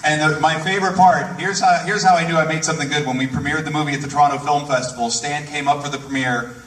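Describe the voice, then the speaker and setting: A man on stage at a live tribute event, telling a gushing, excitable anecdote in quick bursts. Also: fairly high pitch, a little hiss or hum. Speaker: guest speaker on stage. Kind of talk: enthusiastic storytelling anecdote. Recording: echoey theater from a distant mic.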